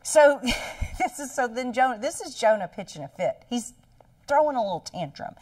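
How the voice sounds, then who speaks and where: Woman teaching bible study, lively and chatty, acts the story out, dry sound, bit far from the mic. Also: a little high, moderate pace, no echo. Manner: animated, dramatizing the story with laughing asides.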